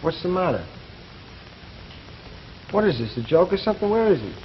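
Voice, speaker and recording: A man's voice: high-pitched, very animated, normal speed, slight background noise. An actor playing a young soldier looking for his father, direct and questioning, in 1940s radio acting on a dull old recording. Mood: puzzled. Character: young soldier son, puzzled.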